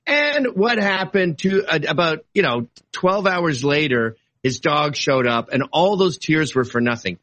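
A man arguing his side in a heated political debate, animated and argumentative, swinging between casual asides and sudden exclamations. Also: medium pitch, moderate pace. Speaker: political guest.

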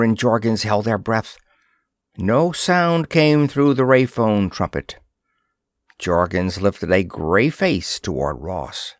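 A man reading a pulp science fiction story aloud with expressive, dramatic storytelling. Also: on the low side, dry recording, clean studio sound. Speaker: audiobook narrator. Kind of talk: scripted narration of a pulp sci-fi story.

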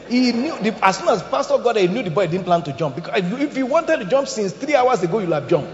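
High-voiced animated male preacher. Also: fast talker, few pauses. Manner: animated storytelling, asks the congregation questions. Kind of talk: sermon. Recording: echoey hall, dull sound.

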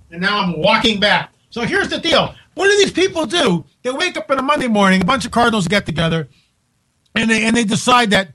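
Incredulous high-voiced male radio host. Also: very animated, sharp tone, rough recording. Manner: incredulous, exclaiming, rapid asides. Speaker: radio talk show host. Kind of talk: call-in radio commentary. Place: home.

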